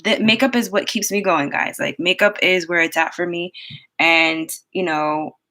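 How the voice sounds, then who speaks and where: A woman's voice: lowish voice, normal speed, bright, forceful tone, rough recording. A woman beauty vlogger telling a personal story while doing her makeup, chatty and full of fillers, laughing often. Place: home, doing makeup in front of the camera.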